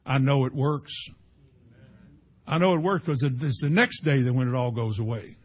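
A man preaching a sermon in a conversational style, swinging between emphatic and hushed delivery. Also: medium pitch, moderate pace, husky. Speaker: pastor.

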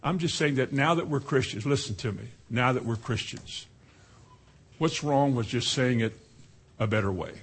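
Man, preacher, husky voice, folksy sermon, mimics slang. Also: mid-range voice, moderate pace.

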